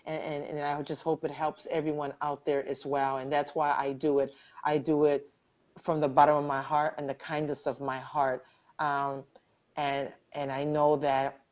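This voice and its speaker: A woman with a low voice hosts a live online chat, earnest and devout, repeating herself and starting over as she speaks from the heart. She sounds close to tears. The audio is dull and lo-fi, like a video call. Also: darkish tone. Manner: heartfelt, religious, rambling with many restarts. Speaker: host.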